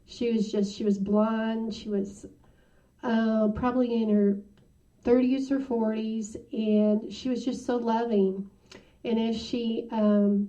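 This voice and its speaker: A woman giving a personal testimony in an interview, halting and full of "you know" fillers. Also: a little high, warm tone. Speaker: interview guest. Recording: muffled sound from a distant mic.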